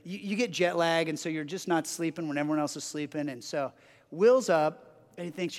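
A man's voice: fairly high pitch, normal speed. A man preaching a sermon as pastor, telling stories earnestly with frequent restarts. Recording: long hall reverb.

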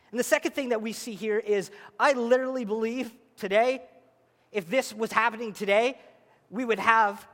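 A pastor preaching a sermon in a church, animated and acting out the voices of scripture. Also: male voice, high voice. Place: church auditorium. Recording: echoey hall.

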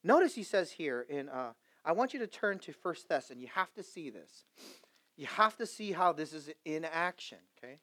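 A man preaching a sermon to his congregation. He swings between loud, impassioned exhortation and quiet, conversational storytelling with asides. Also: fairly high pitch, animated, normal speed. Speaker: pastor.

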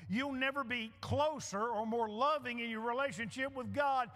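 A middle-aged pastor preaches with a very high, bright, forceful voice at a moderate pace. He is emphatic, repeats lines, and trades call-and-response with the congregation, all carried by hall reverb.

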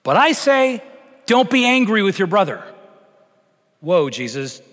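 A male pastor preaching with lively, conversational energy and flashes of humor. His voice sits high for a man and rings out with the long reverb of a church sanctuary. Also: moderate pace. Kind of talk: sermon.

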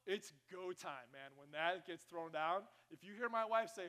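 Bright, high-voiced jokey male pastor. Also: lively intonation, moderate pace, hardly any pauses. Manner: conversational, jokey preacher with sudden loud bursts. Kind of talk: sermon. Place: church.

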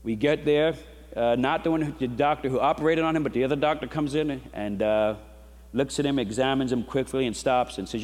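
A middle-aged man with a medium-pitched voice preaches at a moderate pace, telling his sermon like a conversational story and putting rhetorical questions to the congregation. He is a pastor in a church sanctuary, and the recording carries the long reverb of a large hall.

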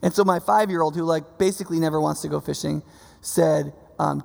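A man of middling pitch with a gravelly edge to his voice gives a chatty sermon. He keeps tossing quick questions at his listeners. His voice rings out with a long reverb, as in a big hall. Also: darkish tone. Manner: conversational, keeps checking in with listeners. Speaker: pastor.

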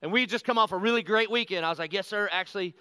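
A middle-aged man, a pastor, telling a personal story in a lively conversational sermon and acting out the quotes. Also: sits high, very fast, clean tone, dry recording. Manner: animated, conversational, acts out quotes.

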